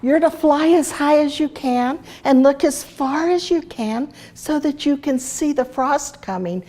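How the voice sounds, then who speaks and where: An older woman voicing a wise old male monarch butterfly in a storybook, gentle and reassuring. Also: sits high, a little slow, pitched above the performer's own voice.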